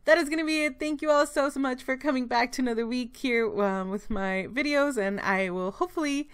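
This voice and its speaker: Chatty woman, slightly high voice. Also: brisk, clear, resonant tone. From Texas. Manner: chatty, rambling, with many fillers and restarts. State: voice breaking, slightly hoarse. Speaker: planner vlogger. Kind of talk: casual voice-over narration.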